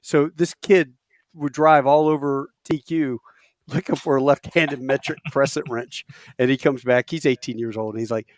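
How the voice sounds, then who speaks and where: An easygoing man co-hosting a podcast, relaxed and chatty as he tells an old prank story. His voice is dry and close to the mic. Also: mid-range voice, moderate pace, no echo. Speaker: podcast co-host. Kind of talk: casual storytelling chat.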